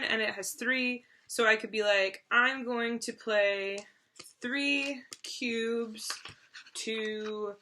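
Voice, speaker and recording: Bright-voiced woman explaining game rules. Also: on the high side, a little hiss or hum. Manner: chatty, loose with fillers and restarts. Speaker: board game co-host.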